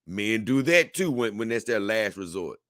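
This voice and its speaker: A young man talks through a livestream in a lively voice that rises and falls a lot. His tone is bright and forward, and the sound is dry and close to the mic. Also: on the low side, normal speed, dry recording. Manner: animated, conversational, reads a text aloud and reacts to it. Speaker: livestream host. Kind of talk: casual livestream commentary.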